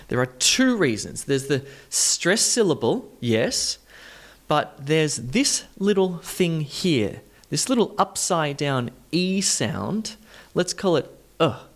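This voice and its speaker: Lively, emphatic male English teacher. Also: a little high. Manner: emphatic, enthusiastic, stresses words to demonstrate. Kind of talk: online English lesson.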